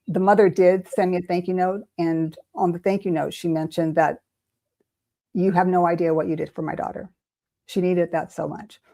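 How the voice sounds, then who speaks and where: An older woman recounts a personal experience as an interview guest, her voice low and mellow. She talks animatedly and slips into the voices of the people she quotes. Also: gravelly. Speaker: intuitive reader, interview guest. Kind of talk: storytelling in an interview.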